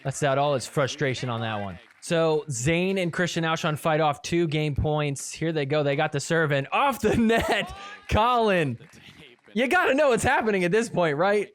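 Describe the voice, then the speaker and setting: A man's voice: on the high side, lively intonation, normal speed. A man hosting a podcast, giving a casual, teasing play-by-play recap of match footage and laughing often. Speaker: podcast host.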